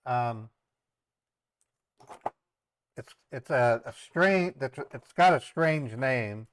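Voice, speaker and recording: A man hosting a casual live stream, rambling and halting with many ums as he sets up a voice changer. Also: mid-range voice, animated, a bit bright, slight background noise. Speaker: scambaiting streamer.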